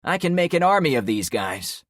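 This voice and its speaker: A man voicing a hostile, volatile young male party guy who taunts and shouts insults. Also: a little high, animated, a little slow, gravelly, no echo, clean studio sound, voice pushed up. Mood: raging, taunting.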